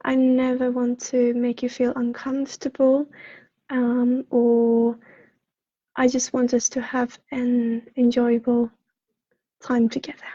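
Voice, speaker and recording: A high-voiced woman with a Swedish accent talks to her livestream viewers as a psychic counselor. Her delivery is flat and mellow with a husky edge, soft-spoken and apologetic, halting on fillers. The sound is dull and lo-fi, as from a home livestream. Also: no room sound. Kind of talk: casual livestream chat.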